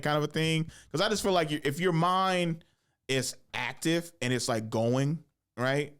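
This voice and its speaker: A young man hosting a podcast, telling a casual comedy story, swearing freely and jumping into high voices when he acts out what people said. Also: smooth. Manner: animated, swears often, acts out quotes with big pitch jumps. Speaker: podcast host and stand-up comedian.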